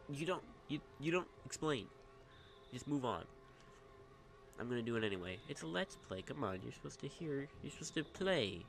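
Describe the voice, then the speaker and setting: A man's voice: medium pitch, vocal fry, fairly bright tone, a little hiss or hum. A man casually commenting on a game he plays, joking and swearing. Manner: joking, profane, rambling. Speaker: let's play host.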